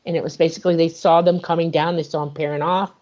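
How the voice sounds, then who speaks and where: A woman guest in an interview, retelling a personal experience in an animated way and acting out the dialogue. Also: sits low, fast talker. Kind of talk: emotional personal storytelling.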